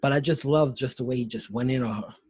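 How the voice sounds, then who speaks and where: A man's voice: mid-range voice, quick pace, darkish tone, slight background noise, poor audio. A man hosting a podcast over a video call, retelling favorite scenes in an enthusiastic, rambling way. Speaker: podcast host. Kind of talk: casual commentary.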